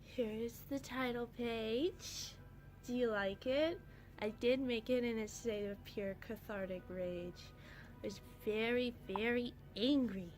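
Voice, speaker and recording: A woman in her twenties reading her old comics aloud to her cat, casual chat with a deadpan, wry manner. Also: fairly high pitch, measured pace, soft background music.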